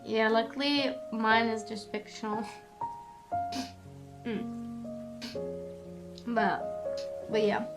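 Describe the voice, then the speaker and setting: A woman's voice: a little high, steady tone, slow, long pauses. A young woman streaming, chatting casually with her viewers, rambling and swearing freely with lots of fillers. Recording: music playing under the voice. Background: music in the background.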